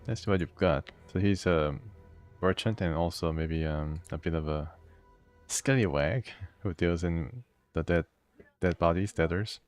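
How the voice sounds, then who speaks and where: A man with a very low voice talks through a video game, reading the text aloud and musing to himself. Faint music plays underneath. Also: measured pace, clean tone. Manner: reads game text aloud, thinks out loud with fillers and laughs. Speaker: gamer. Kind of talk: let's play commentary.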